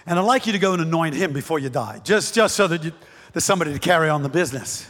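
Preacher doing God as a patient, dry voice, lower and quicker, in a long reverb. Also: male voice, lively intonation, fairly bright tone. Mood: wry. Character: calm, wry divine male voice.

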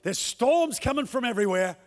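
Before a congregation in a large church hall, a pastor preaches passionately, acting out the lines he quotes. His very high-pitched voice is animated and a little fast.

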